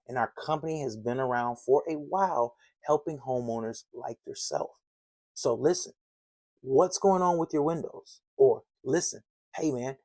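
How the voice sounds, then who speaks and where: A man leads a lively door-to-door sales training in a slangy, casual way, role-playing conversations at the door. His voice is medium-pitched and a little mellow, with no echo.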